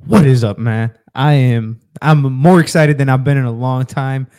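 A man's voice: mid-range voice, steady tone, normal speed, a little mellow, clean tone. A man co-hosting a casual sports podcast over a video call, hyped and joking, swearing freely. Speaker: podcast co-host. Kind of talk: casual postgame chat.

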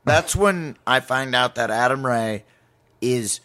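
A man's voice: mid-range voice, lively intonation, slow pace, bright, forceful tone. A man in casual chat, telling a story in a loose, profane, laughing way.

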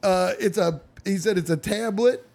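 A man's voice: high-pitched, moderate pace, darkish tone. A man chatting casually as a podcast guest, telling rambling, profane anecdotes and acting out what others said. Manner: rambling storyteller, swearing, acts out quotes. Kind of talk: casual comedic chat.

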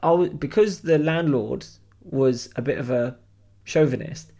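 A young man, a podcast co-host telling animated, sweary anecdotes and acting out the people in them. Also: mid-range voice, a little slow, creaky. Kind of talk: casual storytelling chat.

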